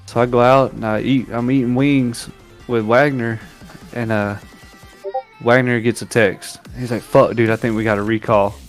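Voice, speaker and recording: A man co-hosting a casual streamed podcast, telling military stories and acting out shouted quotes. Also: medium pitch, moderate pace, soft background music. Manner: animated, acts out shouted quotes while telling war stories. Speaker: podcast co-host. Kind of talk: casual storytelling on a livestream.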